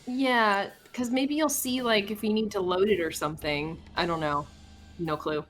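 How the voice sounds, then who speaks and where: A woman co-playing a streamed game, chatting in an animated and giggly way. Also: mid-range voice, moderate pace, faint music behind. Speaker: co-player. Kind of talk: casual let's-play chat.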